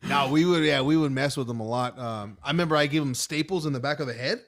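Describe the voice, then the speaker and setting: A man's voice: mid-range voice, fast, a bit bright. A young man co-hosting a podcast, swearing freely and laughing along while telling stories about his brothers. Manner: profane, reactive, laughs along. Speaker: podcast co-host. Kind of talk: casual chat.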